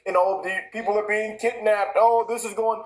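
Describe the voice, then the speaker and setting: A man's voice: sits high, fairly even intonation, moderate pace, poor audio. A man, hosting his own show and ranting in heated, repetitive commentary full of restarts. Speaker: show host. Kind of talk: impassioned commentary.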